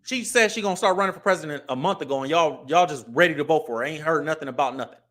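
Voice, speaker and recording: A man's voice: a little high, very fast, fairly bright tone. Livestream host, married man, blunt commentary delivered emphatically and with repetition. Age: adult, married. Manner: blunt, emphatic, repeats his points.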